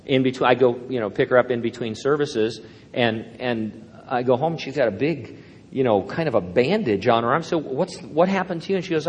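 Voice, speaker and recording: An older man preaches a sermon, wandering through personal stories with self-deprecating humor before returning to scripture. His voice sits in an ordinary middle pitch. The sound carries the long reverb of a large church hall. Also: brisk, husky. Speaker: pastor.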